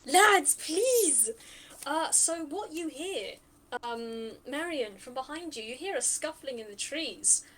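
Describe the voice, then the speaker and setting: A woman's voice: high-pitched, animated, a little slow, a little hiss or hum. A woman narrating a tabletop game as game master, chatty and thinking aloud with many fillers.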